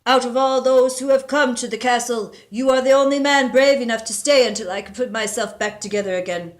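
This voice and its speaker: A woman reading aloud and voicing a male ghost who wails slow, drawn-out cries down a chimney. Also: fairly high pitch, voice pushed up, natural voice. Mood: solemn.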